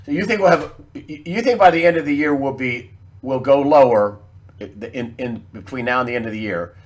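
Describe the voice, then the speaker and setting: A man's voice: medium pitch, fairly quick. A man hosting an interview, asking questions with frequent restarts and stumbles. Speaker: interview host.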